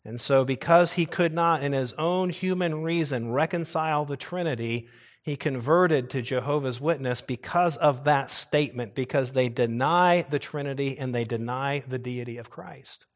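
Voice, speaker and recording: A male pastor preaches a sermon earnestly in a mid-range voice at a moderate pace. He leans hard on key words and now and then restarts a phrase, sometimes repeating himself.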